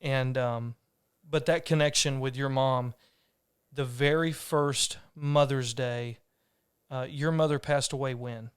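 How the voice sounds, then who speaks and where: Man telling a story, smooth and even. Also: medium pitch, takes it slowly, no room sound, clean studio sound. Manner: earnest, rambling with restarts and fillers. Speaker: podcast host. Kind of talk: casual conversational storytelling.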